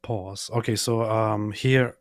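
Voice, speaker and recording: A blunt male co-host comments on a clip in casual talk, his voice on the low side. The recording is dry and close. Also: steady tone, slow pace, dry recording.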